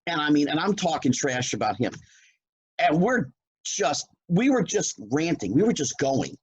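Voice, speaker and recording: This fairly high, husky voice belongs to a middle-aged New Jersey man, once a child actor, who spins an animated story in casual conversation and voices the quoted lines himself. He moves at a moderate pace, and the recording sounds rough.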